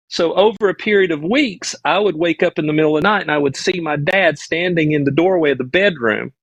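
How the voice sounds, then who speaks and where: Speaking as a podcast guest in casual live-stream storytelling, a middle-aged Southern US man earnestly rambles through a childhood tale, often starting his sentences over. His voice runs on the high side and sounds a little bright. The audio is dry and of poor quality.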